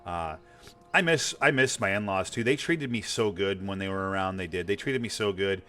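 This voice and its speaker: Gamer streamer, man in his forties, low voice, swears freely, wanders off topic. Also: moderate pace, pushed and bright, faint music behind. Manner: blunt, profane, rambling. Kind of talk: casual chat while gaming.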